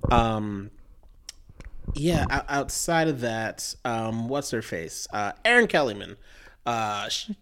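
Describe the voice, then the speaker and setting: A woman with a notably low voice chats casually about a TV show as co-host. Her pitch swings widely as she talks. She is chatty and hesitant, filling gaps with little fillers. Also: big pitch swings, slow pace, a bit bright. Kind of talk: casual chat reviewing a TV show.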